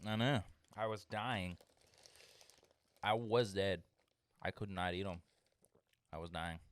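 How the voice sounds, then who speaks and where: A man's voice: low voice, takes it slowly. A young man co-hosting a casual podcast, talking in laid-back slang between bites of spicy food. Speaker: podcast co-host. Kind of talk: casual chat.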